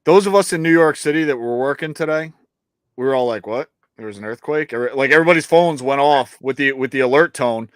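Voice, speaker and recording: A man's voice: mid-range voice, fast, smooth, no echo. A man co-hosting and producing a live outdoors show, rambling casually, joking and swearing with frequent restarts. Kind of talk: casual live-stream chat. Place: New York.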